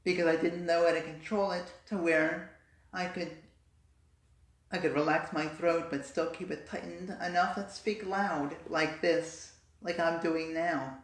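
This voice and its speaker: A woman's voice: fairly low pitch, fairly even intonation, measured pace. A woman in a casual vlog, explaining and demonstrating voice techniques. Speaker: vlogger. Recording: roomy echo.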